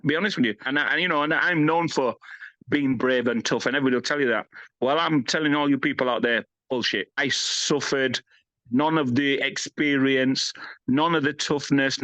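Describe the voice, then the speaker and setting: This podcast guest, a man in his fifties, has a medium-pitched, sharp-toned voice and keeps a moderate pace. He is frank, forceful and blunt in the interview, swears freely and keeps asking "you know what I mean." The recording is dry, with a slightly dull lo-fi character.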